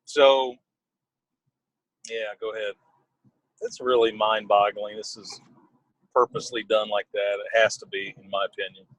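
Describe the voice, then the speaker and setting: A man's voice: lowish voice, little pitch movement, unhurried, pauses often, fairly bright tone, no echo, poor audio. A man co-hosting a casual talk show, chatting in a laid-back way and laughing easily. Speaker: podcast co-host. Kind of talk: casual chat.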